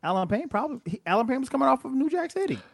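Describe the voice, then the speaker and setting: A man's voice: very high voice, very animated, rapid-fire, gravelly, no echo. A middle-aged man co-hosting a podcast, chatting casually about a movie and thinking aloud with many restarts. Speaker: podcast co-host.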